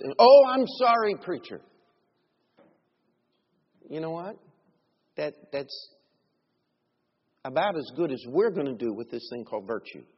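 A middle-aged man preaching a sermon, telling stories and moving between quiet asides and raised emphasis. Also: medium pitch, slightly rough. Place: church sanctuary. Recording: dull recording in a reverberant church.

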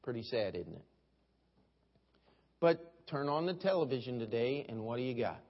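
A man's voice: medium pitch, sing-song, normal speed. A middle-aged man preaching a sermon as pastor, telling folksy stories and mimicking other preachers. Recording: dull lo-fi sermon recording.

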